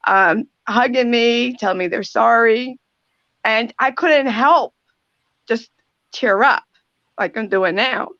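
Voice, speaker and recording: Older woman, talk radio host, gentle and reflective delivery, slightly dull close-miked sound. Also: fairly high pitch, dry recording. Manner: reflective, pausing, softly emotional storytelling. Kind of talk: heartfelt conversational talk.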